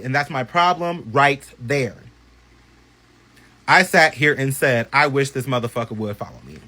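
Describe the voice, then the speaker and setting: Animated, bright-voiced man telling a story. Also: mid-range voice, normal speed. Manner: animated, profane, chatty storytelling with many asides. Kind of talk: casual storytime vlog.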